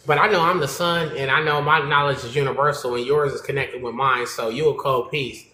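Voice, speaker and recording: A man on a live-stream panel talks in an animated, slangy, rambling way. His voice is bright and forceful. It comes over a call from a roomy, echoey space with a faint hiss behind it. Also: fairly high pitch, a little fast, few pauses. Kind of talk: casual chat.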